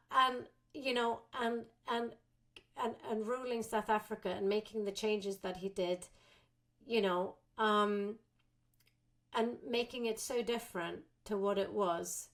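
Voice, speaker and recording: Woman telling a lively anecdote as a guest. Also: medium pitch, unhurried. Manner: animated, acts out quotes of herself and others. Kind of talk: casual interview storytelling.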